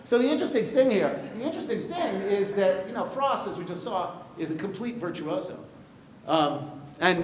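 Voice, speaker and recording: Lively man lecturing in an echoey room. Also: normal speed. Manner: lively, jokey, asks the class questions. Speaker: poetry teacher. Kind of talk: classroom lecture on verse. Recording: echoey room with light rumble.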